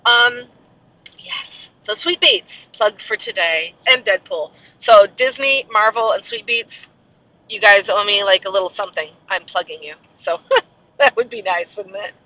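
A woman's voice: medium pitch, unhurried, pushed and bright. A woman in her forties chatting casually as she drives, rambling and jumping from tangent to tangent about whatever she passes. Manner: rambling, jumps to tangents about passing sights. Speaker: podcaster. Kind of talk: casual chat while driving. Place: inside a car on a country road. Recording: dull, muffled audio from a distance.

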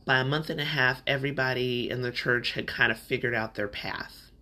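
On his podcast, a man with a bright, forceful voice tells a personal story, speaking candidly and reflectively in a loose, conversational way. His pitch is in a typical middle range for a man, his tone stays steady, and his delivery is brisk.

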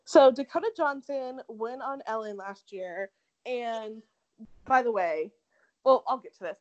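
A young woman with a fairly high voice chats casually on a podcast. She tells the story with lots of "like" and acts out the quotes, and her voice sounds close and dry. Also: unhurried, no room sound, muffled recording. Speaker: podcast co-host. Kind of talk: casual chat.

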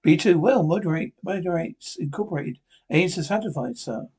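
A man's voice: a little high, expressive, moderate pace, a little mellow, breathy edge. A man playing a polite robot double of a husband in a 1950s radio drama, with a formal, courteous servant's manner.

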